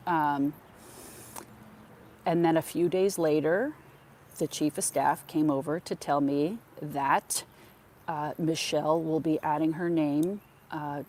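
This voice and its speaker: A woman's voice: sits low, a little mellow. A middle-aged woman hosting a podcast, chatting through stories in a casual monologue and acting out the conversations she retells. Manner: chatty, acts out quoted conversations. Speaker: podcast host.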